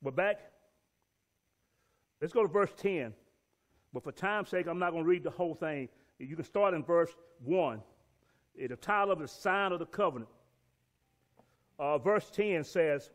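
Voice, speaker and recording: Guy with a pretty high voice leading a bible lesson, reads scripture, leans hard on words and repeats them. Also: animated, unhurried, long pauses. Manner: emphatic, repeats key words for stress. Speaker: Bible study teacher.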